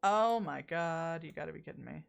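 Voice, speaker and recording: A woman's voice: deep voice, lively intonation, moderate pace, creaky. Exasperated woman streaming a game. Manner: exasperated, swears, rambling asides. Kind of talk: casual gameplay chat.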